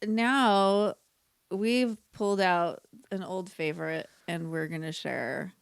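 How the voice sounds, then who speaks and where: A woman's voice: lowish voice, slow, gravelly, smooth, dry recording, clean studio sound. Joking, swearing podcast co-host woman. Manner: joking, teasing, swears freely. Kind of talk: casual chat.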